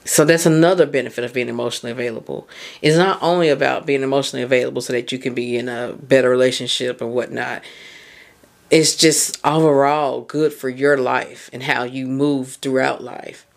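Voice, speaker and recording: A woman's voice: a bass voice, fairly even intonation, brisk, gravelly. Woman podcast host and mindset coach, candid solo monologue, loose, swears casually, laughs easily.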